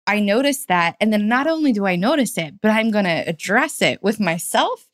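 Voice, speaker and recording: A woman's voice: medium pitch, very animated, normal speed. A woman hosting a podcast, chatting in an enthusiastic, talkative way with many fillers. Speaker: podcast host. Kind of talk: casual interview chat.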